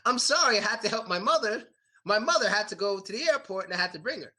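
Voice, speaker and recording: Field: voice. Figure: a man acting out a frantic young guy cursing. Pitch: high. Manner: frantic. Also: lively intonation, fast talker, heavily acted. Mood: pleading. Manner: shouting curses, then pleading excuses.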